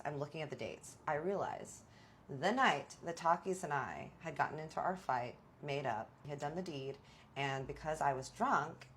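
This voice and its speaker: A woman's voice: sits low, a bit bright, a little hiss or hum. A woman vlogger telling a personal story in a chatty, confiding way, speaking straight to her viewers. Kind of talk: casual storytelling.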